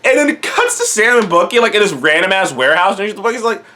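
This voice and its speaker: A man's voice: high-pitched, very animated, fast talker, sharp tone. A young man casually reviewing a TV episode, rambling and swearing freely. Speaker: TV show reviewer.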